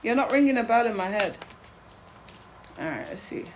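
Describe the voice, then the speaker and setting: A woman's voice: fairly high pitch, lively intonation, normal speed. A young woman chats loosely on a live stream, greeting viewers and laughing a lot. She is blunt and unfiltered, and a faint hiss of background noise sits under her voice. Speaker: livestream tarot reader. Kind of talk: casual live-stream chat.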